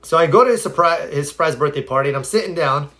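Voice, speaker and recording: On a live stream, a man with a fairly high voice talks quickly and casually, earnestly telling stories and handing out motivational advice. He's an animated storyteller who pauses now and then to reply directly to viewers.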